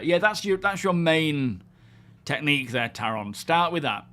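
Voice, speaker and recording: A man's voice: on the high side, expressive, moderate pace, pushed and bright. Chatty man hosting a game stream. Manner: chatty, greets viewers, thinks aloud. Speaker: livestream host. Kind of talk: casual gaming livestream chat.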